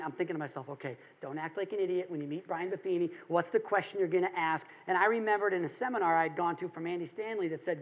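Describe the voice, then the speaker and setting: A man in his thirties giving a motivational seminar talk, telling a story with energetic, emphatic rises. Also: high voice. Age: 30s. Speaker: seminar speaker. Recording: dull lo-fi recording.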